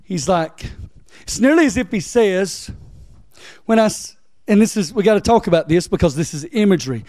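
A man preaching a sermon in a chatty way, swinging from loud scripture reading to soft, low asides. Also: a little fast, dry recording, clean studio sound. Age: adult, father of three. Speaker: pastor.

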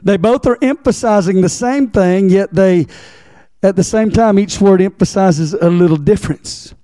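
A man's voice: high voice, moderate pace, dark tone, dry recording, clean studio sound. A male preacher teaching a Bible sermon in a church, folksy and repetitive, asking the congregation questions. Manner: folksy, repeats key words, asks the congregation.

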